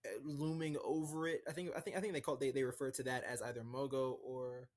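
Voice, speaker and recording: A man's voice: mid-range voice, little pitch movement, fast. A man co-hosting a comics podcast in casual chat, enthusiastic and rambling, with frequent fillers and restarts. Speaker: podcast co-host.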